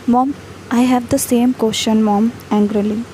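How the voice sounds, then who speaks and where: Even-toned woman reading a fan story. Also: a little high, measured pace, a little hiss or hum, rough recording. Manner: reads speaker names and cues aloud in an even, unvaried tone. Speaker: fan fiction reader. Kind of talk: flat read-aloud of a fan fiction chat story.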